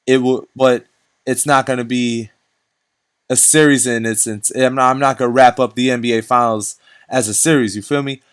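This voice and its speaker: A young man rambling through an unscripted basketball vlog, full of slang and restarts. His voice is smooth and clear at a middling pitch. The sound is close and dry, with no room around it. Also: steady tone, moderate pace, no room sound. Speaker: basketball vlogger. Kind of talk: unscripted casual commentary.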